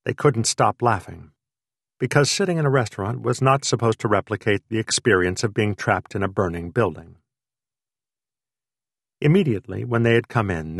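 A man narrating an audiobook in unhurried, lyrical phrasing. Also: on the low side, gravelly, fairly bright tone, dry recording, clean studio sound.

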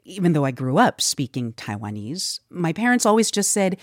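A woman radio news host narrating a report and interviewing people, in a lively, conversational way. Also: sits low, moderate pace, no echo, studio quality.

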